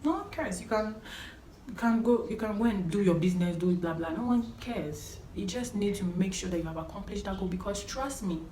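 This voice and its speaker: A woman's voice: medium pitch, animated, brisk, warm tone. A young woman talking to camera as a vlogger, giving earnest, emphatic life advice and repeating her key points. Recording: roomy echo, faint background noise.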